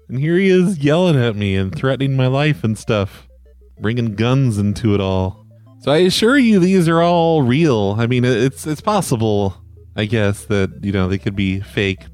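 A man hosting a prank call show, calm, dry and mocking as he teases an angry caller. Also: mid-range voice.

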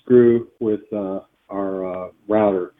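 A man's voice: lowish voice, fairly even intonation, takes it slowly. A man on the phone, answering patiently and plainly, often hesitating with fillers. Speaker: call recipient. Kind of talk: phone conversation. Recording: tinny phone line.

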